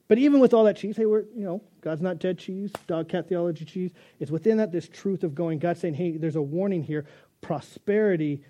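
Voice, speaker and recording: A man's voice: on the high side, mellow. A male pastor delivering a conversational sermon, joking and restarting as he goes.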